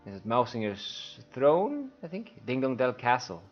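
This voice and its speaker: Unhurried and emotional, this Swedish-accented man streams a game and narrates everything on screen for blind viewers, sighing along the way. His medium pitch swoops wildly, and the lo-fi recording carries faint music behind him.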